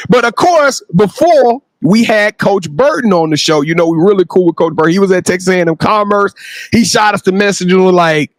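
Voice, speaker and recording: A man hosting a sports talk show, chatting casually and excitably, shouting when worked up. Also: high voice, fairly quick, dry recording, clean studio sound. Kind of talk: casual interview chat.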